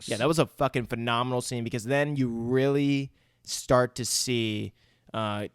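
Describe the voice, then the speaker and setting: A man's voice: mid-range voice, steady tone, moderate pace, clean tone, dry recording, clean studio sound. A man co-hosting a podcast, chatting casually and profanely about a film, laughing easily. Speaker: podcast co-host. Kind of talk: casual movie chat.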